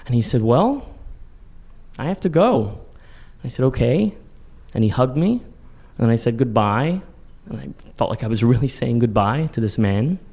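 A man from Texas telling a personal story on stage, animated and self-deprecating, his voice leaping high when he acts out his own panic. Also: normal speed, pauses often. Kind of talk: live personal storytelling monologue.

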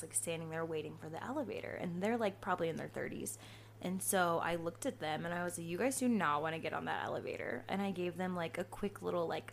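A woman in her twenties hosting a podcast, telling stories in a casual, profane, animated way. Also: fairly low pitch, vocal fry, slight background noise. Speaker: podcast host. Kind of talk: casual storytelling monologue.

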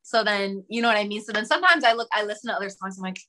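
A woman's voice: medium pitch, rapid-fire, hardly any pauses, pushed and bright, a little hiss or hum. A young woman musician, a guest in a casual interview, talking chattily with lots of fillers and giggles.

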